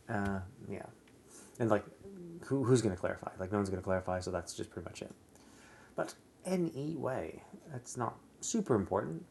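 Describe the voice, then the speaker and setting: A man's voice: fairly low pitch, fairly quick, creaky, darkish tone. A man streaming a game live, rambling in casual commentary with many fillers, restarts and casual swearing.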